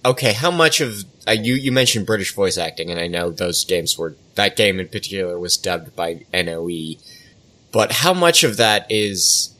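A man's voice: deep voice, animated, normal speed, sharp tone. A man in a casual podcast chat, inquisitive and posing long, winding questions. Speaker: podcast panelist.

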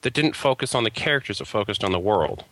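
A man's voice: fairly low pitch, expressive, fast talker, fairly bright tone, no room sound, low-quality recording. A man co-hosting a casual podcast chat, arguing his opinions firmly. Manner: opinionated, argues his point. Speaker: podcast co-host.

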